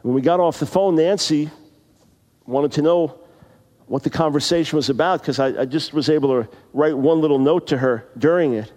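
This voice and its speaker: A man of about sixty delivers a sermon from the pulpit, with a voice pitched somewhat high for a man. He moves between loose personal anecdotes and slow, emphatic scripture reading. Long reverb from a large hall trails after his words. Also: a little mellow. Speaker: preacher.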